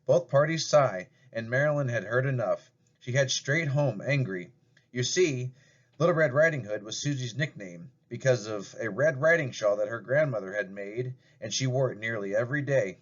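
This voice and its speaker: A man's voice: medium pitch, expressive, normal speed, muffled recording. Man reading a storybook aloud. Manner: plain read-aloud narration. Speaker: narrator.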